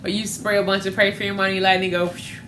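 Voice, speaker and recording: A young woman hosting a podcast, telling a story in an animated, playful way. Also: medium pitch, quick pace, echoey room, background noise. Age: young adult. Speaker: podcast host. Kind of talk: casual chat.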